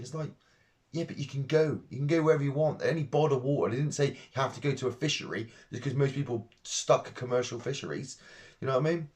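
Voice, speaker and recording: A man's voice: medium pitch, fast, darkish tone. A man chatting casually to camera about his fishing gear in his fishing room at home, rambling and blunt. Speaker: fishing vlogger.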